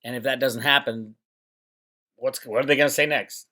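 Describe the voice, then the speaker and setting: A man's voice: mid-range voice, steady tone, moderate pace, pushed and bright. A middle-aged man hosting his own channel, talking in a rambling, sarcastic monologue and mocking others in put-on voices. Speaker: channel host. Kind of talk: casual monologue to camera. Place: home, Northern California.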